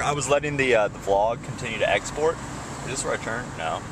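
A man's voice: on the low side, animated, fast talker. A young man chatting casually to camera while driving, goofy and jokey. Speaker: vlogger. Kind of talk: casual vlog chat. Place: inside a moving car. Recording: car road noise.

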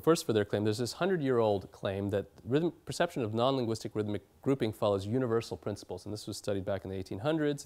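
A man's voice: fairly low pitch, darkish tone. Man giving an academic lecture. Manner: explanatory, with fillers and restarts. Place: lecture hall.

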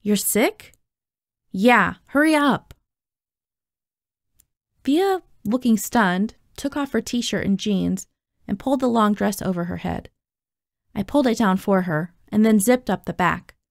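A woman's voice: mid-range voice, moderate pace, gravelly, darkish tone, no room sound, studio quality. A woman reading a novel aloud, narrating expressively in the first person. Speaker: audiobook reader.

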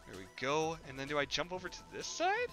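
A man's voice: on the high side, wildly swooping pitch, fast, music in the background. A man streaming a game and chatting casually with his chat in a rambling, jokey way, laughing often. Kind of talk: casual live-stream chat while gaming.

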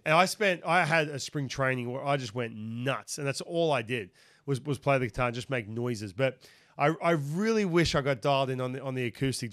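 A man's voice: mid-range voice, fairly bright tone, dry recording, clean studio sound. A man with an Australian accent hosting a podcast interview, talking animatedly with a lot of restarts and fillers. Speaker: podcast host. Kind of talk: casual interview chat.

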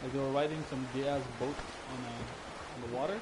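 A man's voice: mid-range voice, fairly even intonation, moderate pace. A young man playing a video game with a friend, swearing and bantering casually. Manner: swearing, joking banter with a story. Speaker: gamer. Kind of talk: casual gaming chat. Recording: loud game noise behind. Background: loud game sounds of water and animals.

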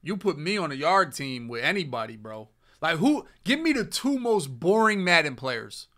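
A young man talking casually on his podcast, cracking jokes and trash-talking. His voice sits a little high and sounds bright and forceful. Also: big pitch swings, moderate pace. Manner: loose, joking trash talk. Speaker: podcast host. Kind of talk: casual chat while streaming.

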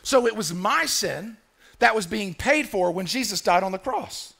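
High, gravelly, bright-voiced pastor preaching. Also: male voice, animated, moderate pace. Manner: emphatic, repetitive, asks the congregation to answer. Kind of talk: sermon. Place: church.

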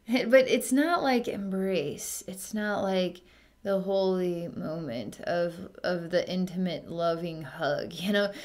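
A young adult woman speaking as a psychic healer, her voice at an ordinary middle pitch for a woman. She talks to an unseen client in a soothing, chatty way, full of fillers and soft laughs. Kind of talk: spoken distance healing session.

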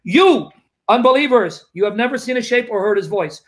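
Man, very high voice, combative debater, accusing, reads bible verses aloud. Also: fast talker. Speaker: Christian debater. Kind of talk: heated debate.

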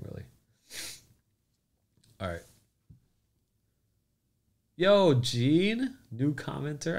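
A man hosts a live stream in a loose, joking chat, reading out and greeting commenters. His mid-pitched voice carries a noticeable gravelly creak. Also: darkish tone. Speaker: crypto livestream host.

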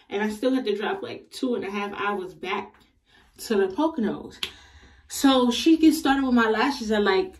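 A young woman vlogger telling a casual storytime in an animated, slangy, exasperated way. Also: medium pitch, recorded from a distance.

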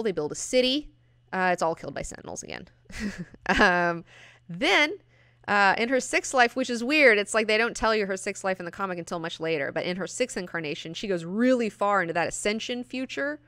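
A young woman hosting a comic review, talking casually with lots of swearing and acting out characters in quick bits. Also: lowish voice, a bit bright, smooth, no echo, clean studio sound.

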